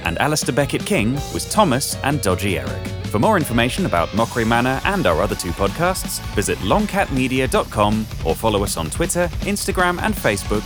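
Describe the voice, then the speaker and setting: A man reading the podcast credits in a measured, plain way. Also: mid-range voice, very animated, music in the background. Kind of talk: read credits.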